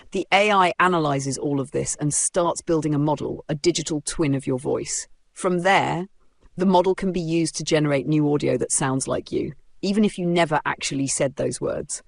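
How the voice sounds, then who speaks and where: A woman's voice: low voice, gravelly, no echo. A woman hosting a podcast, delivering a scripted monologue with punchy emphasis and rhetorical questions. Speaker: podcast host.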